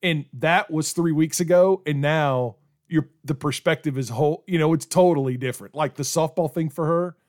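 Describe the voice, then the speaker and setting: A man's voice: fairly high pitch, normal speed, a little mellow. Chatty church podcast host, a man in his forties. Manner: chatty, rambling with many restarts. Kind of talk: casual podcast chat.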